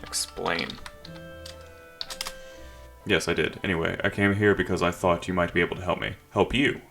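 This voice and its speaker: A man's voice: low-pitched, level tone, normal speed, gravelly, over music. A man reading an improvised story game aloud, with dry, joking asides. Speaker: gamer narrating a text adventure.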